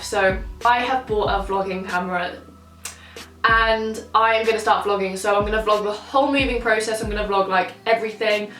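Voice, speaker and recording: A woman's voice: mid-range voice, a bit bright. A young woman vlogger chatting casually and swearing a lot while eating at a table. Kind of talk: casual mukbang chat. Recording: roomy, from a distance, faint music.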